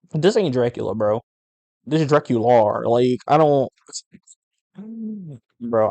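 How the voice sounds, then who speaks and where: A man hosting a podcast, chatting casually and profanely in slangy, animated rants. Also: medium pitch, no room sound. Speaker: podcast host. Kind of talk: casual comic book review podcast.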